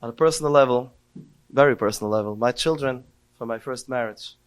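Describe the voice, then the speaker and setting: A smooth, mid-range voice, a little fast, belongs to a middle-aged podcast speaker. Telling stories in a heartfelt Torah talk, he lifts into emotional cries as he quotes prayers.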